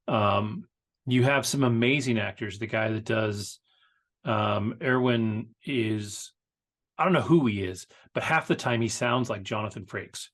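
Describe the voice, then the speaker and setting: A man co-hosting a casual pop-culture podcast, talking in a halting, laid-back way. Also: fairly low pitch, fairly bright tone. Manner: halting, lots of fillers and restarts, laid-back. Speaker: podcast co-host.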